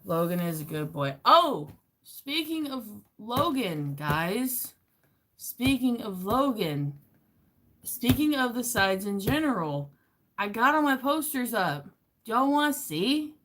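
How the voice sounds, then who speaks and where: A woman's voice: a little high, slow pace, a little hiss or hum. A woman chatting casually on a livestream from her messy bedroom, rambling and getting hyper, talking into her phone. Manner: rambling, gets hyper and excitable. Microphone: phone camera.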